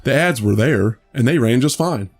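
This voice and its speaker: A male podcast co-host chats casually about a movie, rambling with lots of restarts and a bit of swearing. His medium-pitched voice has lively intonation and a moderate pace, with faint music in the background.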